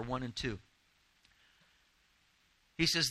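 A man preaching an expository sermon, earnest and pleading, reading scripture slowly and rising to emphatic bursts. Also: mid-range voice, sharp tone, no echo, rough recording. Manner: reads scripture slowly and deliberately. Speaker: pastor.

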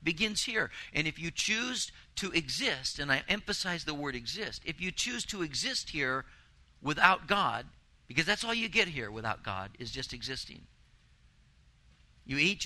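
A man's voice: on the high side, bright, forceful tone, low-quality recording. A man preaching a sermon, earnest and emphatic, building intensity with repeated phrases. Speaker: pastor.

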